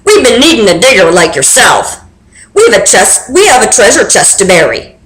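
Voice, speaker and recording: Woman doing a male pirate captain, blustering, hearty, bright edgy tone, storybook reading. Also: mid-range voice, big pitch swings, moderate pace. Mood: jovial. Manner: hearty, bellowing pirate talk. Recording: roomy echo.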